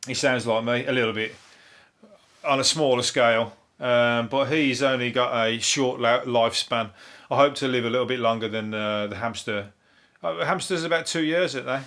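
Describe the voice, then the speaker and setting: A man's voice: mid-range voice, moderate pace, fairly bright tone. A man with a Birmingham accent hosting a casual solo podcast, rambling loosely, swearing often and chuckling to himself. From Birmingham, England. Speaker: podcast host and comedian.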